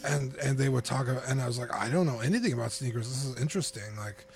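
A man talking casually as a podcast guest, telling stories in a chatty, animated way. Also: mid-range voice, fast talker, slightly rough. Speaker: podcast guest and network co-creator.

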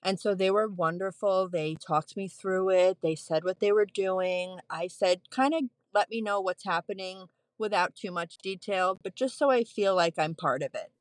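Animated woman telling her story. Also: mid-range voice, moderate pace, few pauses, no room sound. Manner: animated, laughs often, many fillers. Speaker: guest, postpartum nurse. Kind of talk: candid personal storytelling.

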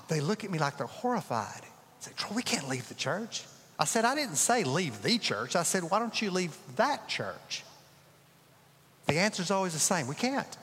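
A middle-aged pastor preaching with a bright, high voice. He tells stories with sweeping rises and sudden hushed drops. His voice carries a long reverb through a large church sanctuary. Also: big pitch swings, normal speed, slightly rough. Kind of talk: sermon.

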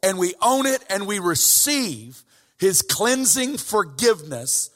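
Very animated yet slow, a guest preacher with a high-pitched, fairly bright voice preaches in a church sanctuary. The hall's reverb is audible as his casual start builds into fervent emphasis.

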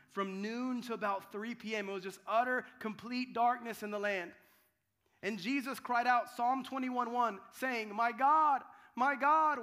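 A man preaching a sermon as pastor, dramatic, swinging from loud cries to hushed tones and often restarting his words. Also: very high voice. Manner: restarts and repeats words while telling the story.

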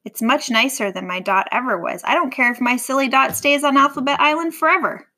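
A woman's voice: high voice, fairly quick, pushed and bright, voice pushed up. A woman voicing a small, fussy little girl letter in a read-aloud storybook, with a bouncy, childlike manner. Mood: pleased.

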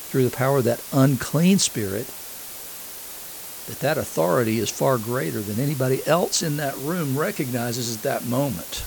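Gravelly-voiced male preacher. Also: medium pitch, a little hiss or hum, low-quality recording. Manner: asks the congregation questions; reads scripture aloud and explains it. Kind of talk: sermon.

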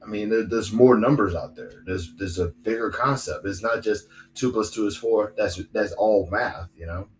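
A man's voice: on the low side, moderate pace, hardly any pauses, slight background noise, poor audio. A young man hosting a solo podcast, rambling and repeating himself with lots of fillers. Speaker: podcast host.

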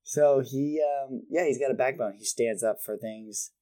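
A man in his thirties co-hosting a podcast, chatting casually and rambling, self-deprecating and quick to laugh. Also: mid-range voice, dark tone, no room sound, studio quality. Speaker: podcast co-host. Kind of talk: casual chat.

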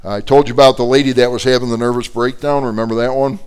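A man's voice: mid-range voice, fairly even intonation, quick pace, darkish tone, clean tone. A man teaching an adult Bible class as a pastor, telling stories animatedly with many fillers and restarts.

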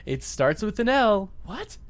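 Rambling, laughing man with a lively voice. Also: high voice, unhurried. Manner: rambling, laughs often, acts out quotes. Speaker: podcast co-host. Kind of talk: casual comedic movie chat.

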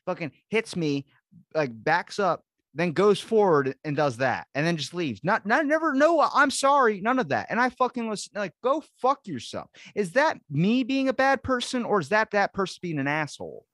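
A man's voice: sits high, normal speed, no echo, clean studio sound. Swearing, story-telling podcast host man. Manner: animated storyteller, swears constantly, acts out quotes. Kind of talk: casual chat.

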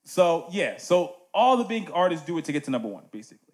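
A man's voice: fairly high pitch, sing-song, fast. A man hosting a casual music podcast, talking animatedly and checking in with "right?" asides.

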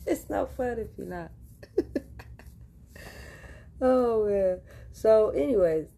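A woman's voice: fairly high pitch, lively intonation, slow pace, vocal fry, mellow. A woman hosting a podcast, telling a casual story straight to her listeners, chatty and laughing often. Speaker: podcast host.

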